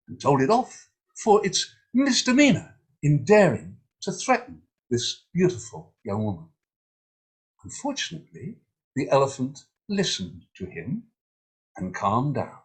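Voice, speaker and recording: A man's voice: fairly high pitch, slightly rough. A man telling a humorous folk tale and hosting an online story event, playful and full of mock drama, heard over a video call.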